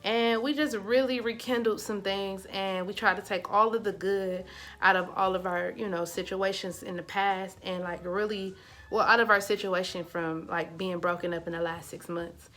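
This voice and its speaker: A woman vlogger telling a personal story in a casual, animated, chatty way. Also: medium pitch, normal speed.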